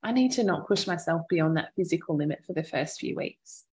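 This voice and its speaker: A woman hosting a podcast, candidly recounting a hard parenting moment and offering gentle advice to listeners. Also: fairly low pitch, lively intonation, fairly quick, slightly rough. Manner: open, reflective storytelling with frequent laughter. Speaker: podcast host and mother. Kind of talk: candid personal podcast talk.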